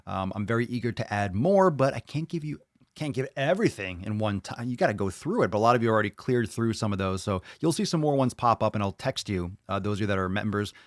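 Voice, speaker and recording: A man's voice: fairly low pitch, animated, fast talker, no room sound, clean studio sound. A man hosting a podcast, chatting casually and bluntly, swearing freely as he reads viewer comments aloud and reacts to them. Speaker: podcast host.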